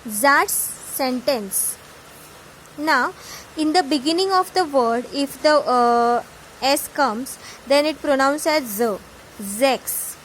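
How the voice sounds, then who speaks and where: Speaking slowly in a high, slightly bright voice, a woman with an Indian English accent tutors German by pronouncing each word and then explaining what it means in English. The audio quality is poor, and there's a little background noise.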